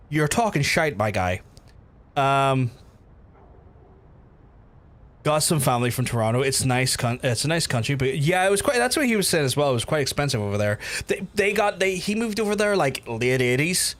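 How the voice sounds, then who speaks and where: A man's voice: medium pitch, sing-song, moderate pace, fairly bright tone. A man with a Belfast accent who hosts a livestream, chatting casually with viewers, swearing freely and restarting sentences as he goes. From Northern Ireland. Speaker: livestream host.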